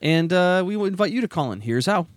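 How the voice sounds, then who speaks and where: A man's voice: high-pitched, animated, fast, noisy background. A man hosting a podcast, telling rambling, self-deprecating stories in casual chat. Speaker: podcast host.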